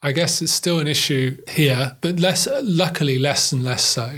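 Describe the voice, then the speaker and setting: A man's voice: on the high side, normal speed, fairly bright tone, breathy edge. A man from South West England chatting casually about teaching and accents, often agreeing with "yeah" and "absolutely". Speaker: English teacher, former teacher in China. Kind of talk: casual conversation.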